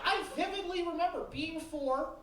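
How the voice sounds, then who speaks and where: A woman's voice: very high voice, normal speed, a bit bright. A woman doing a stand-up set on a club stage, blunt and profane. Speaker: stand-up comedian. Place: comedy club stage with live audience. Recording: echoey live room, distant mic, noisy.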